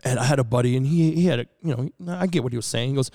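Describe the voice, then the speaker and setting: Earnest gravelly-voiced man telling a story. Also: mid-range voice, very fast, hardly any pauses, warm tone. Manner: earnest, rambling with many fillers. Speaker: podcast guest. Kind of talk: casual storytelling conversation.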